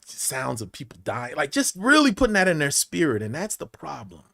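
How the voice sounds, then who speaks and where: An actor in his forties tells a personal story on a podcast. His voice sits fairly high for a man, and he slips into the voices of the people he quotes as he goes. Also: brisk, gravelly. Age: 40s. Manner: animated storyteller, acts out voices. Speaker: actor guest. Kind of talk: storytelling interview. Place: podcast studio.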